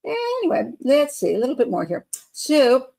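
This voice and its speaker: A woman's voice: a little high, lively intonation, normal speed, dark tone. An older woman hosting a live chat show, blunt and opinionated, laughing often as she reads out viewer comments.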